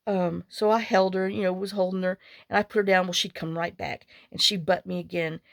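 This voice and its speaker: A woman's voice: fairly low pitch, fairly even intonation, a little fast, gravelly, no echo, studio quality. A woman vlogger chatting casually while making a journal, rambling through stories and muttering to herself as she works. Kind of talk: casual chat while crafting.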